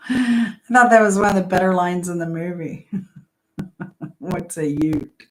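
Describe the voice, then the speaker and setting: Middle-aged lady running live trivia, slow easy delivery, kinda low voice, laughs a lot, reads out questions, greets chat. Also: poor audio. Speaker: host of live trivia stream. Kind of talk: casual live-stream trivia hosting.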